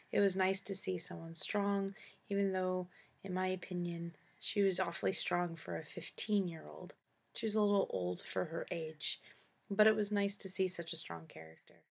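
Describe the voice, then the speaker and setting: Gravelly-voiced woman giving a movie review. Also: on the low side. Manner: chatty, opinionated, sarcastic asides. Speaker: movie reviewer, show host. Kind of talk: casual spoken movie review.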